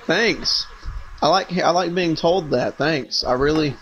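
A man's voice: a little high, a little slow, fairly bright tone, slight background noise. A man in casual gaming chat with friends, bantering in a crude, teasing way. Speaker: gamer.

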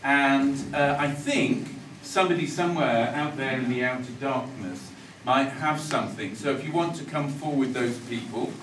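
A man's voice: mid-range voice, normal speed, few pauses. A man on a school stage thanking the audience after a play, chatty, self-mocking and laughing often. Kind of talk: joking stage thank-you speech. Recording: echoey hall, mic far off, loud crowd and noise.

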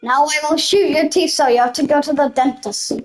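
A young woman playing a video game with excitable live commentary, giggling and shouting out reactions. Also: high-pitched, a little fast. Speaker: gamer. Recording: noisy game sounds with gunfire behind.

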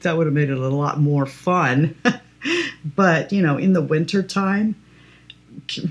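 A woman in her sixties, a beauty vlogger chatting and laughing through a story while she does her makeup. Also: fairly low pitch. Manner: chatty, animated storyteller who laughs often.

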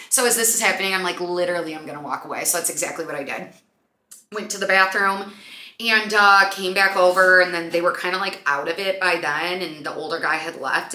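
A young woman hosting a podcast, telling a story in a chatty, animated way full of fillers. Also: on the low side. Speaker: podcast host. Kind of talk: casual storytelling chat. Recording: echoey room.

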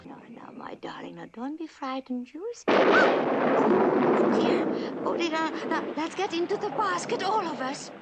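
An elegant, gentle mother cat, speaks in a high, lilting voice. She talks slowly and soothingly. The cartoon soundtrack is noisy behind her. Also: expressive. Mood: anxious.

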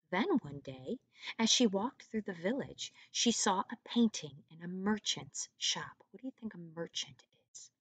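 A woman teacher reading a storybook aloud to young children, pausing to ask them questions in soft, hushed asides. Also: mid-range voice, dry recording.

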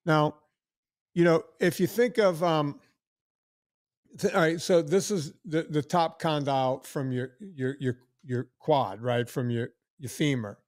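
A man's voice: on the high side, measured pace, no echo, clean studio sound. A man in his sixties hosting a podcast, rambling in casual chat with many restarts and acted-out quotes. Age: 60s. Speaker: podcast host.

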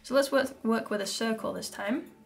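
A woman's voice: on the high side, moderate pace, creaky. British woman teaching handpan, chatty, counts beats, music in the back. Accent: British English. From Britain. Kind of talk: music lesson. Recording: music playing in background.

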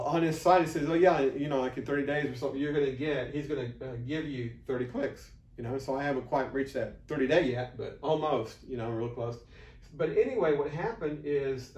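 A man's voice: fairly high pitch, darkish tone. A man talking to camera in an unscripted promotional vlog. He rambles, restarts often and shifts into a blunt pep-talk tone. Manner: rambling, full of fillers and restarts. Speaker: affiliate marketer. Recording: roomy, distant mic.

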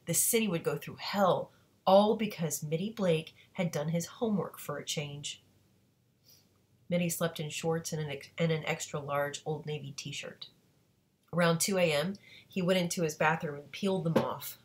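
Low-voiced woman reading a novel aloud. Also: normal speed. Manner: steady reading with occasional self-corrections. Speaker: audiobook reader.

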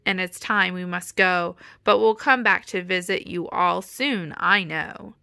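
A woman voicing a cheerful male cat guide in a children's storybook read-aloud, in a lively reading voice. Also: fairly low pitch, measured pace, creaky, clear, resonant tone, dry recording, studio quality, heavily acted.

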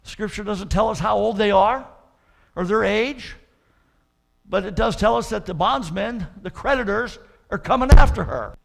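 Male pastor, sermon delivery; high, gravelly voice, earnest, repetitive restarts, punchy emphatic warnings. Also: unhurried, pauses often. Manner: earnest preaching with frequent repeated "and, and" restarts; swells to loud emphatic warnings.

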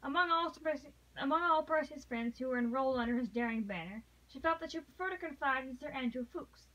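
A high-pitched woman reads a classic novel aloud, pausing and correcting herself as she goes. Her reading turns dramatic in the emotional passages. The recording sounds dull and lo-fi. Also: fairly bright tone. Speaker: reader.

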